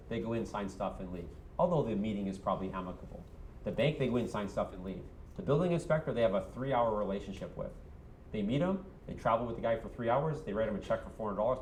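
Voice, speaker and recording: A man's voice: on the low side, darkish tone, echoey room, slight background noise. A man coaching a room of real estate agents, punchy and quizzing them with "yes or no?".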